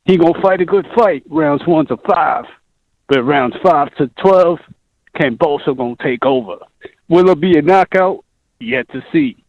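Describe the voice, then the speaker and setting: Brief: male caller putting on a radio announcer-style fight pundit, slow and drawn out, higher pitch, dry. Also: a little mellow, dry recording, muffled recording. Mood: declaring.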